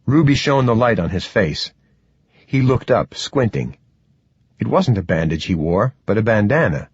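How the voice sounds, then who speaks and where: A man narrating an audiobook in a measured, expressive reading. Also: lowish voice, breathy edge, no echo. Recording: dull, dry, slightly muffled.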